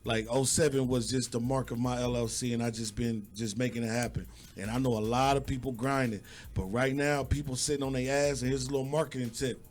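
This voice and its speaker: A man's voice: mid-range voice, steady tone, brisk, hardly any pauses, soft background music. Blunt, profane man co-hosting. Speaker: radio show co-host. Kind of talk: casual banter.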